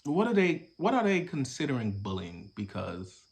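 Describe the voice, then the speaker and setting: Reacting to a viral video on his podcast, a young man gives loose, animated, profane commentary at a moderate pace in a gravelly voice. His pitch leaps and drops widely as he moves between loud, punchy acted-out bits and quiet muttered asides in a casual tone.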